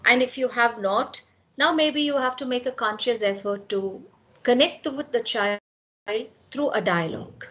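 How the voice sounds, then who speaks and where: Woman, fairly high voice, earnest, speaks to parents. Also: measured pace, a bit bright. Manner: earnest, asks questions and answers them. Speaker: parenting speaker at a school meeting. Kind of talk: talk to parents.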